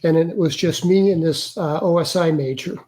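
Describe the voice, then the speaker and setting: An older man, an interview guest, earnestly recounting a personal experience in a halting way with many restarts. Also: fairly high pitch, a little mellow. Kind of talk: personal storytelling.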